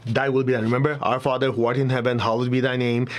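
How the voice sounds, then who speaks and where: A man's voice: medium pitch, little pitch movement, fast. A man teaching a spiritual class in a loose, chatty way, often laughing and acting out little examples. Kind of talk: casual talk to a class.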